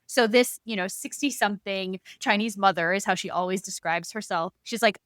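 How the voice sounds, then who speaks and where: A woman's voice: medium pitch, moderate pace, hardly any pauses, a bit bright, dry recording, studio quality. A woman co-hosting a podcast, chatting casually and animatedly about books, peppering her talk with "like" and the odd swear. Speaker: podcast co-host.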